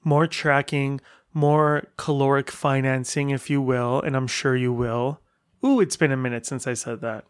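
A man's voice: mid-range voice, steady tone, unhurried, clear, resonant tone, no room sound, clean studio sound. A middle-aged man hosting a casual solo podcast, telling stories in a chatty way full of rambling asides. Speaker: podcast host.

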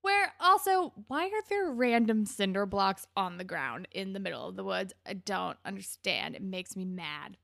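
A young woman with a gravelly, creaky edge to her voice retells a show's scenes in casual chat. She leans on filler words and acts out the characters' lines with animated energy. The sound is dry and close. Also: mid-range voice, normal speed, hardly any pauses, no echo. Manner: animated retelling with acted-out quotes, lots of "like". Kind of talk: casual chat recapping a show.

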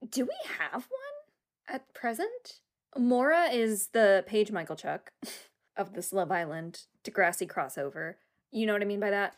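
Giggly, animated young woman co-host. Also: mid-range voice, unhurried. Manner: laughs often, swears, reacts loudly. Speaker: podcast co-host. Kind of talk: casual chat.

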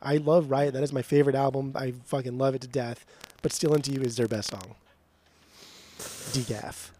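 A man's voice: mid-range voice, steady tone, normal speed, dark tone, slight background noise. A young man co-hosting a podcast in casual chat, swearing freely and ranting with mock outrage at his friend. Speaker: podcast co-host.

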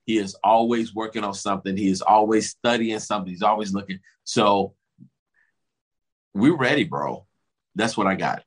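A man's voice: on the low side, fairly quick, few pauses. A man co-hosting a casual sports talk show, telling stories and acting out what coaches said. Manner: animated storytelling, acts out coaches' quotes.

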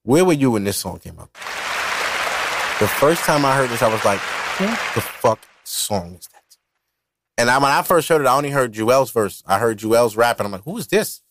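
A man hosting a podcast, loud, profane, and animated. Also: mid-range voice, normal speed, some chatter behind. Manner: animated, profane, ranting and joking. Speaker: podcast host. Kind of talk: casual commentary over hip-hop records. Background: hip-hop music playing.

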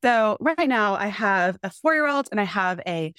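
Young mother on a call, mid-pitched, candid and rambling, dry sound. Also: animated, normal speed, a bit bright, clean tone, no room sound. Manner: candid, rambling, acts out her kids' lines. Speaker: caller, mother of two young kids. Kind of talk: casual coaching conversation.

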